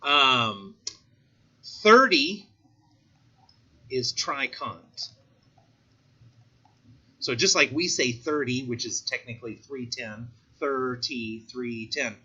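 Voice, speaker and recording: A man giving a recorded chemistry lesson in a loose, chatty way, with jokey asides as he explains. His voice is very bright and a bit husky. The audio is slightly dull and lo-fi. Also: mid-range voice, expressive, takes it slowly, long pauses. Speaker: chemistry teacher.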